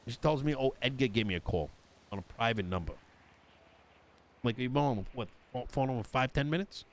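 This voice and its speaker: A man's voice: mid-range voice, animated, a little fast. Exasperated swearing man ranting in roleplay. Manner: exasperated, swearing, retelling an argument with quoted dialogue. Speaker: roleplayer voicing a politician character. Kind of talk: in-character roleplay chat.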